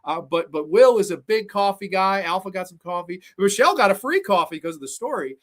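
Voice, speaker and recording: Young man, high voice, rambling, swearing, casual host chat. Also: brisk. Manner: animated, profane, rambling. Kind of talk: casual storytelling and movie commentary.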